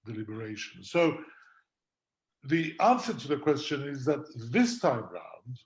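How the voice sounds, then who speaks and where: A man answering as a guest lawyer in a webinar panel discussion, heard through a video call. He talks in a measured, reasoned way, building his case point by point and pausing on fillers as he goes. His voice sits at an ordinary pitch for a man. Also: sing-song.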